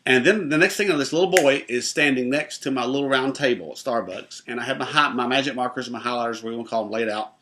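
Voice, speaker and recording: With a medium-pitched voice, the pastor races through his personal testimony with few pauses, animatedly impersonating the voices in the tale.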